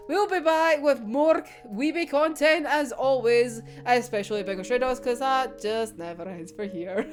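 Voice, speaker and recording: A Scottish woman from Scotland, vlogging in a casual chat, rambling with lots of "like", swearing and frequent laughter. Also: a little high. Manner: rambling, laughs often, swears, says 'like' a lot. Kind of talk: casual chatty vlog.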